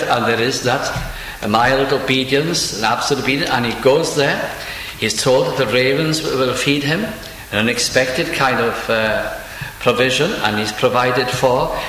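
A man preaching a sermon, slowing down to linger over scripture quotes. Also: mid-range voice, bright, forceful tone, slight background noise. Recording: roomy sound with faint ambience.

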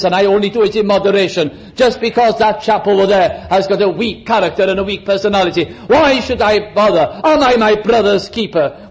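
A fairly high-pitched man preaching a sermon. He gives his delivery plenty of drama, slowing down and speeding up for emphasis. When he quotes scripture or acts out a figure in the story, he changes his voice to play the part. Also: poor audio.

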